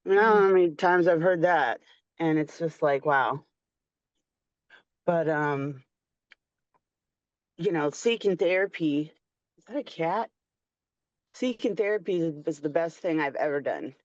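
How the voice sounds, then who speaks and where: Woman, lower pitch, candid storyteller on a video call with dull, dry sound. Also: a little slow, pauses often, no room sound. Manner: chatty and candid, with fillers like "like". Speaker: support group participant. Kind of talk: casual personal storytelling.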